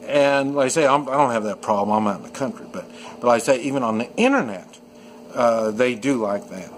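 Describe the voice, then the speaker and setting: A man talks his way through an off-the-cuff opinion piece, circling back and restarting his sentences as he goes. His voice sits at an ordinary middle pitch. A faint hiss of noise runs under the recording. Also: lively intonation, brisk, poor audio. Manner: rambling, many restarts and fillers. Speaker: video commentator. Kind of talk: unscripted opinion monologue. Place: at home in the countryside.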